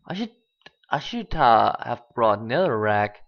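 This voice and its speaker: An unhurried, mid-range voice delivers let's play commentary for a gaming channel, thinking aloud and bursting into excited exclamations. The recording comes from a dull lo-fi home mic.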